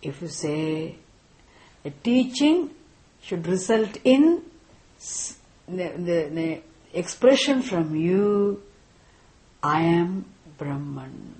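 A woman teaching a class on scripture, speaking deliberately and often checking in with "isn't it?". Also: on the low side, sing-song, a little mellow. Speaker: Vedanta teacher.

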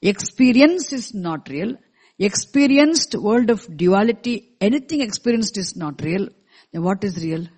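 A teacher explaining a scripture verse to a class in a measured way, repeating key terms and asking the listeners questions, with verses chanted slowly in between. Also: medium pitch, lively intonation, a little mellow, husky. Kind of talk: scripture lecture.

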